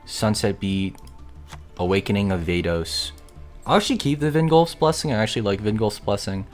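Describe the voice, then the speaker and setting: Excitable young man streaming, low-voiced. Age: young adult. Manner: excitable, grumbling, swears casually. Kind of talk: live gaming stream chatter.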